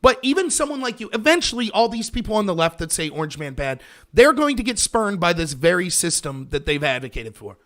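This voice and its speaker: Man, political commentary livestream host, sarcastic, animated, high voice. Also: fairly quick. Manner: sarcastic, animated, mocks opponents. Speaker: host of a political talk show.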